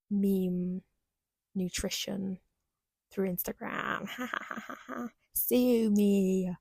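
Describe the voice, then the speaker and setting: Young woman, podcast host, rambling and chatty, dark gravelly voice, dry close sound. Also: medium pitch, no room sound. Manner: rambling, self-deprecating, chatty. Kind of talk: casual solo podcast monologue.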